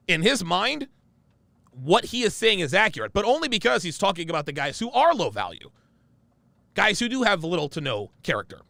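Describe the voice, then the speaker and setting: A man's voice: fairly high pitch, creaky, pushed and bright, no room sound. A man hosting reaction commentary who talks emphatically and keeps checking in with "right?" and "okay?". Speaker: commentary host.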